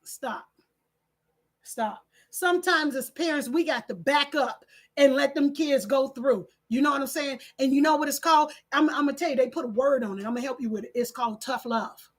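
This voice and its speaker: A middle-aged woman, talking on a live stream, preachy and animated, reading out the chat and breaking into laughs and shouts. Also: high-pitched, brisk.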